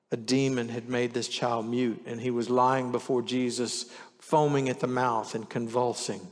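A man preaches a sermon in an earnest way, leaning into the scripture he reads aloud. His voice sits at an ordinary middle pitch. The sound rings with the long reverb of a big church hall. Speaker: pastor.

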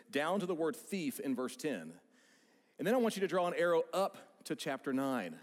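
An American man preaching a sermon as a pastor, in an animated, conversational way. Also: medium pitch, big-room sound. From United States.

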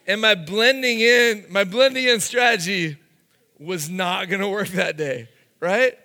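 A man's voice: sits high, a little slow, pushed and bright, long reverb tail. A man preaching a youth sermon, telling a funny school story and acting out the quotes. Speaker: youth pastor.

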